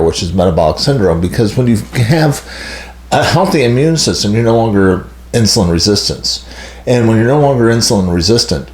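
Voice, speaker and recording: A man's voice: lowish voice, a little mellow, roomy sound. A man hosting a health channel, explaining in a blunt, emphatic casual monologue that hammers home key points.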